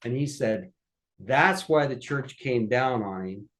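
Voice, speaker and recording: A man takes his time, his voice sitting in the mid-range, as he tells family stories as a podcast guest. The telling is casual but lively, with him acting out each quoted person.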